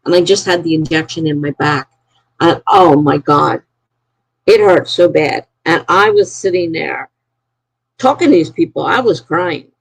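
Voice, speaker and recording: A woman chatting casually with her live-stream viewers from home, her voice gravelly and a little husky. She rambles through her stories in an animated, conversational way. The sound is dry and close. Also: low-pitched, measured pace, dry recording, low-quality recording.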